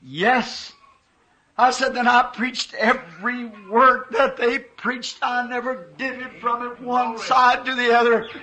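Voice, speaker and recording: A male preacher delivers a fervent, emotional sermon in a very high, bright voice. He speaks slowly, drawing out his testimony and acting out the quoted voices of his vision. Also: steady tone, rough recording.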